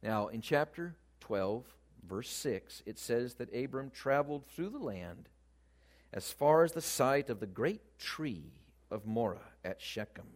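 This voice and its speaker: A man delivers a sermon with a mid-pitched voice that swings widely in tone. He leans hard on key words, his volume rising and dropping as he drives each point home. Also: measured pace. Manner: animated, shifts emphasis and loudness freely. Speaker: preacher.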